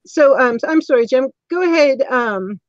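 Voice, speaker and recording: A woman's voice: high voice, animated, moderate pace, lo-fi sound. A woman hosting a casual interview, talking in a rambling way with many ums and restarts. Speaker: host.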